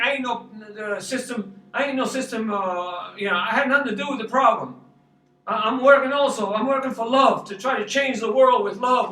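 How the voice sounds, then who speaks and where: A man's voice: very high-pitched, sharp tone, echoey room, distant mic, rough recording. A man from Long Island, a pastor rambling through a personal testimony and repeating his words. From Long Island, New York. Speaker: street pastor. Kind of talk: storytelling testimony.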